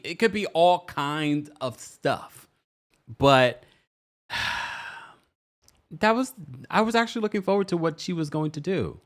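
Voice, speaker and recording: A man's voice: a little high, a bit bright. A man, hosting a casual livestream, chatting, laughing and reading viewer comments aloud. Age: 40s. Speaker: host.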